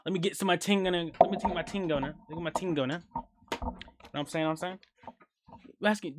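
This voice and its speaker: A man streaming reaction videos in casual, profane chat, swinging from loud hype bursts to low mumbled asides, tired from no sleep. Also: fairly quick, slight background noise. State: sleep-deprived.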